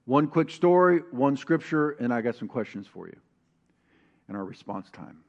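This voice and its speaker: A man preaching a sermon as pastor, telling a personal story and reading scripture, animated and calling on the congregation to answer back. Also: mid-range voice, normal speed, dull audio. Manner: animated, calls for congregation responses.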